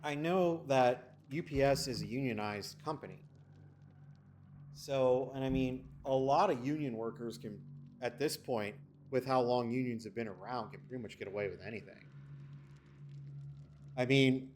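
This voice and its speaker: A man's voice: medium pitch, moderate pace, darkish tone, a little hiss or hum. A man streaming a video game, telling a story in casual, rambling chat with frequent swearing and restarts. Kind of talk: casual chat while gaming.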